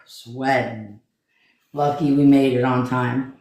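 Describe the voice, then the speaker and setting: A man's voice: mid-range voice, fairly even intonation, slow pace, a little mellow. A man co-hosting a casual chat show, rambling and repeating himself as if worn out. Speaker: podcast co-host. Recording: very echoey room with faint noise.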